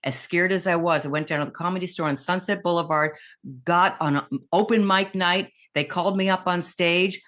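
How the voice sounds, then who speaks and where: A woman's voice: lowish voice, normal speed. An older woman, a comedian and impressionist, telling stories animatedly as an interview guest. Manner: lively, animated storyteller who slips into voices. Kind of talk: casual storytelling in an interview.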